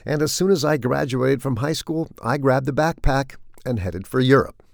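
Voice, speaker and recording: A middle-aged man delivering scripted comic commentary with a dry, wry, deadpan manner. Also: mid-range voice, normal speed, gravelly, no room sound. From United States. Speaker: commentator hosting a weekly segment.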